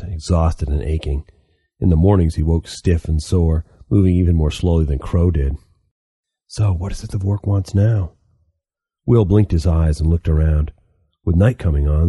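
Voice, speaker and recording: A man narrating an audiobook in a steady, measured storytelling manner. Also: very deep voice, breathy edge, no room sound, studio quality. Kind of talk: scripted narration.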